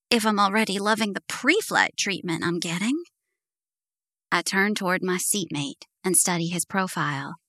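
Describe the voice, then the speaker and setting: A woman narrates a first-person romance in a bright voice with an expressive, lively delivery. Her pitch sits in the middle, and the recording is close and dry. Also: dry recording. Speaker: audiobook narrator.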